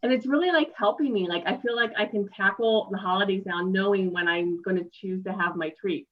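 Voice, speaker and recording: A woman's voice: medium pitch, a little fast. Earnest woman on a muffled call. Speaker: group member. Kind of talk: casual chat on a video call. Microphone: video call. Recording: dull, muffled video call audio.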